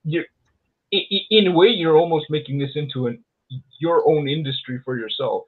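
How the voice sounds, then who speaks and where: A man with a slightly high, husky voice asks a guest a question. He circles around his point and repeats words several times before he finds it. His voice comes through a thin, phone-like connection. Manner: halting, repeats words while searching for phrasing. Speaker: interviewer. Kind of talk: casual interview chat. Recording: tinny phone-like line.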